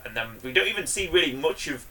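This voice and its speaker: A man chats casually as a podcast co-host, rambling and enthusiastic, jumping into loud bursts when something excites him. His voice has a bright edge. He sits a little back from the mic. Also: on the high side, quick pace, distant mic. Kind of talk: casual chat.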